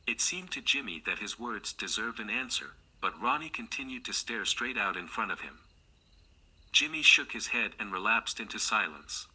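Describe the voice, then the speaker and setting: A man reading a mystery novel aloud in an even, measured storytelling manner. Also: fairly low pitch, husky. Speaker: audiobook narrator. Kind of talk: scripted narration.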